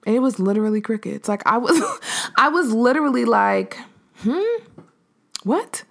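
A woman hosting a podcast, telling a story in a casual, animated way, acting out the voices of the people in it and using lots of fillers. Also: fairly high pitch, brisk, gravelly. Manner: animated, acts out quoted voices, frequent fillers. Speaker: podcast host.

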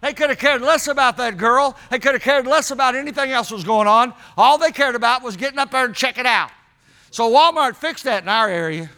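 A man's voice: extremely high pitch, a little fast, bright, forceful tone. A man preaching a sermon in a folksy, emphatic way, calling out to the congregation as he tells stories.

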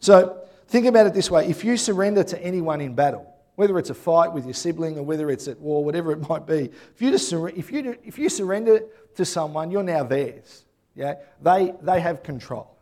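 Conversational preacher, man, higher voice. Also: lively intonation, a little fast, a little mellow. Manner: conversational preaching, often adds "yeah?". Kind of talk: sermon.

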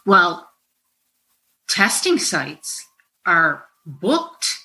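A woman's voice: on the low side, big pitch swings, extremely slow, sharp tone, a little hiss or hum, poor audio. A woman therapist speaking candidly and emotionally in a podcast conversation, swearing freely.

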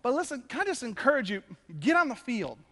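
A man, a pastor, giving a conversational and animated sermon to his congregation. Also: very high voice, in a large hall. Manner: conversational, animated preaching with quick asides. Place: church sanctuary.

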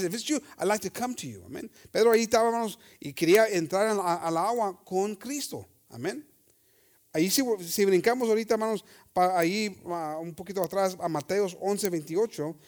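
A pastor with a rather high male voice preaches in a bilingual sermon. He draws out scripture verses slowly, then drops to a low, soft finish as each thought ends.

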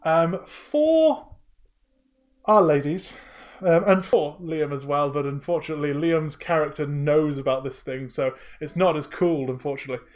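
A man with a fairly high voice narrates a tabletop game as its game master. He paints scenes in a loose, descriptive way, with plenty of ums and casual swearing. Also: moderate pace, darkish tone.

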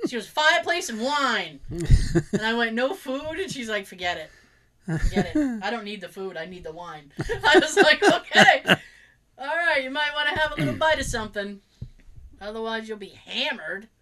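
In relaxed conversation, a woman on the high side speaking at normal speed recounts work stories. She's animated, reenacting what her coworkers told her.

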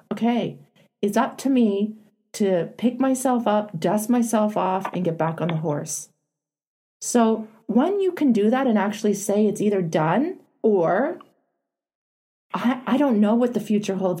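A middle-aged woman with a husky, mellow voice gives a caller frank, emphatic advice. She talks plainly and earnestly, pressing her points home. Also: medium pitch, expressive, a little slow. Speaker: advice show host. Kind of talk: coaching a caller.

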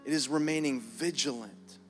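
Soft keys play faintly behind a man preaching as pastor in a church hall. His voice sits at medium pitch and moves at a normal speed, and he speaks earnestly, repeating words often and elongating them to stress his points.

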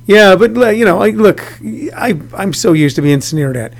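A man in his sixties with a notably high voice for a man, talking casually in an interview. He tells rambling stage anecdotes like a seasoned stand-up comedian. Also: lively intonation, normal speed, gravelly. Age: 60s. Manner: rambling anecdotes told in a storyteller's way.

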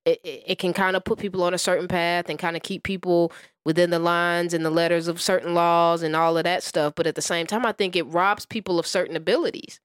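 A woman's voice: on the low side, steady tone, a little fast, clean tone, no echo. Woman, casual podcast talk, laid-back slang, dry close recording. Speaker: podcast co-host. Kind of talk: casual chat.

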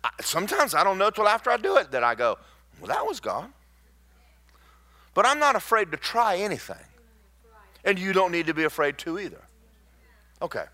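A man, a pastor telling stories in a sermon, emphatic and swinging between loud and hushed. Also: high voice, sing-song, fairly quick.

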